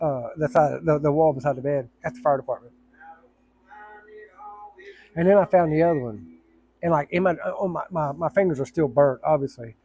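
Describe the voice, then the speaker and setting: Middle-aged man with a somewhat high voice, talks bluntly and rambles through a story. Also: moderate pace, long pauses, dark tone, no echo. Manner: blunt, profane, rambling with many restarts. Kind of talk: casual personal storytelling to camera.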